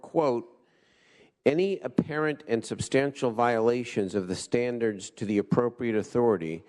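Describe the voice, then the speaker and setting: A male legislator delivers a formal floor speech in a steady, middle-pitched voice. His talk is measured and deliberate, with the occasional restart. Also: clear, resonant tone. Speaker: legislator presenting a resolution. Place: legislative chamber.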